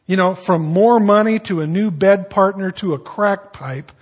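Older guy preaching, kinda husky and high-ish voice, honest confessional sermon. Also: unhurried. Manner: candid, confessional, drops into quiet reflective tones. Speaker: pastor.

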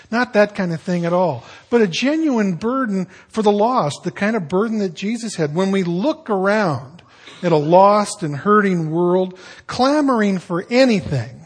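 An older man preaching a candid, confessional sermon, dropping at times into quiet, reflective tones. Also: high voice, expressive, normal speed, breathy edge. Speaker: pastor.

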